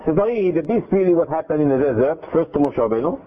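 A man's voice: on the high side, fast. Man retelling a Torah story over phone. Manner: animated retelling with quoted dialogue and restarts. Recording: tinny phone-line audio.

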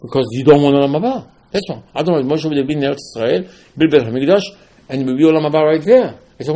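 Gravelly emphatic male rabbi. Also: on the high side, animated, quick pace, mellow. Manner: emphatic, rhetorical questions, acts out dialogue. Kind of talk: Torah lecture.

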